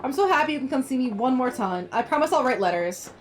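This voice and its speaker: A woman voicing a gentle, sad young girl in a video game, reading her lines aloud while playing. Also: high-pitched, animated, fast talker, faint music behind. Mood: wistful.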